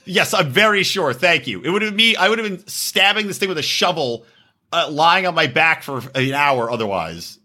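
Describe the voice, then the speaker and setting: A man hosting a podcast, telling a story in casual chat, animated and laughing often. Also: normal speed. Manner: animated, laughing, jumps into high exclaims. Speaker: podcast host.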